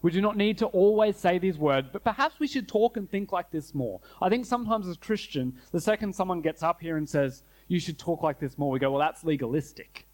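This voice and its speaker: A man preaching a sermon, earnest, slowing down and dropping low to stress key phrases. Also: expressive. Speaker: pastor.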